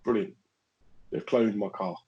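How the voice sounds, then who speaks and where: A man's voice: on the low side, fairly even intonation, measured pace, dull audio. A man co-hosting a podcast, chatting casually in an indignant, joking way. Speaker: podcast co-host. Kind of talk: casual chat.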